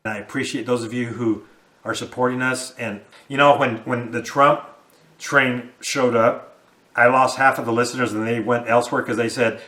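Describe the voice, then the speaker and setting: A man in his fifties delivers an impassioned end-times sermon, pressing each point with repetition and rising fervor. His voice sits at an ordinary middle pitch, and he hammers his warnings home. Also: fairly even intonation, normal speed, pushed and bright. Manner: fiery, emphatic, repetitive. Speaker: preacher.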